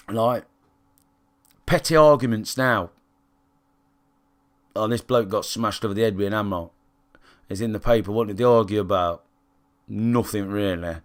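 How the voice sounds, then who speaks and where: A man's voice: lowish voice, fairly bright tone. Rambling, sweary British streamer man. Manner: rambling and sweary, often asks "do you know what I mean". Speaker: gaming live streamer. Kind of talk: casual chat with stream viewers.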